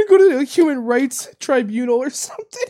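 A man's voice: very high-pitched, lively intonation, normal speed, dark tone. A man from Canada co-hosting a podcast, telling crude stories in a rambling way and laughing at his own jokes. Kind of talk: crude comedic podcast banter.

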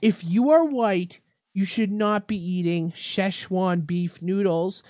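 A woman's voice: medium pitch, takes it slowly, darkish tone, dry recording, studio quality. A young woman hosting a mock talk-radio show, ranting in fake outrage and swearing.

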